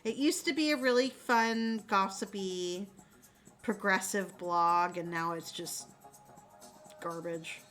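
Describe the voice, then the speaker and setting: A woman in her forties chatting casually on a livestream, reading comments aloud with animated, sarcastic asides. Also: medium pitch, takes it slowly, faint music behind. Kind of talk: casual chat.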